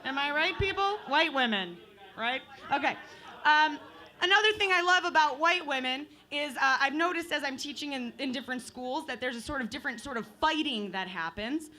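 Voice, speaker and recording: A woman's voice: high voice, expressive, moderate pace, sharp tone. A woman in her twenties from Michigan doing open mic stand-up comedy, chatty and profane, playing with the crowd on a bar stage. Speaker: stand-up comic.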